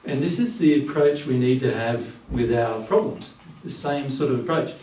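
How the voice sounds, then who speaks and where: A man giving a casual spiritual teaching talk to a small group, lively and blunt, often laughing. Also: medium pitch, moderate pace. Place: living room. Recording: roomy, distant, faint room hum.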